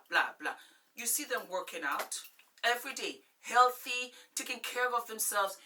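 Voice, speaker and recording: Blunt forties lady vlogging advice, super bright sharp voice, kinda far from the mic. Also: mid-range voice. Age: 40s. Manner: emphatic, blunt, preachy. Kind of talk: frank relationship advice to camera.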